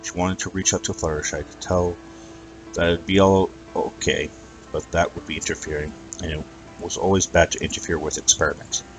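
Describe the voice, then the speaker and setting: A man reading a fan fiction story aloud as narrator, with an even storytelling manner and some stumbles. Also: low-pitched, fairly quick, soft background music, poor audio.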